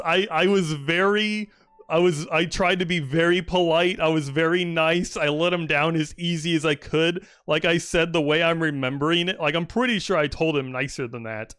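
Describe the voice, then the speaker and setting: A young man plays a game while casually telling a story, rambling with many restarts and filler words, laughing often at his own tale and swearing now and then. His voice is a little high, fairly bright, clear and resonant, captured as clean studio sound with no room noise.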